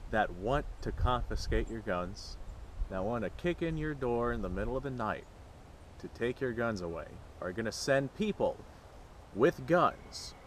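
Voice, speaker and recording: A man's voice: mid-range voice, a little hiss or hum. A man making a sarcastic, mock-serious vlog outdoors at a shooting range. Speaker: gun vlogger.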